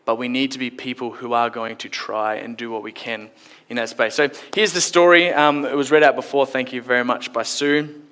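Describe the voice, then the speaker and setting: A man's voice: mid-range voice, fairly bright tone. A man preaching a sermon in church, in a conversational, playful storytelling way. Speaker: pastor.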